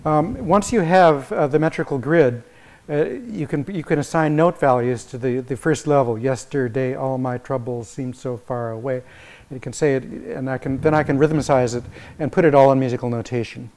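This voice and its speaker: A man, a visiting music professor, giving an academic lecture and explaining ideas as he thinks them through, with many halting restarts. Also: on the high side, a little mellow. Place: lecture hall.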